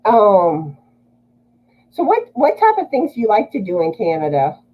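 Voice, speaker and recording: A woman's voice: mid-range voice, wildly swooping pitch, a little slow, slight background noise. Chatty livestream host, woman from Louisiana, muffled lo-fi audio. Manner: chatty, greets viewers and reads comments aloud. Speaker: livestream host reading viewer comments. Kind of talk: casual livestream chat.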